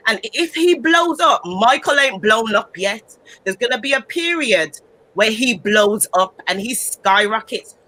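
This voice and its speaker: A woman's voice: fairly high pitch, expressive, unhurried, bright, forceful tone, rough recording. A woman on a casual panel discussion, talking emphatically and ranting about a couple.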